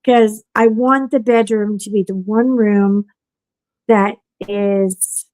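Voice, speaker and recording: A woman podcast host telling a story in casual chat, animated and acting out what people said. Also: mid-range voice, slow, no room sound, low-quality recording. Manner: animated storyteller who acts out quotes.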